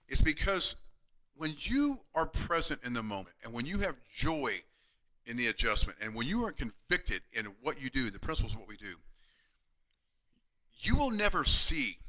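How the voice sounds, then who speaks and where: Earnest bright-voiced man, emphatic. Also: medium pitch, low-quality recording. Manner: earnest, emphatic, frequent restarts, drops to a hushed tone when telling patient stories. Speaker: chiropractor speaking to fellow chiropractors. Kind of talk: live-streamed motivational talk.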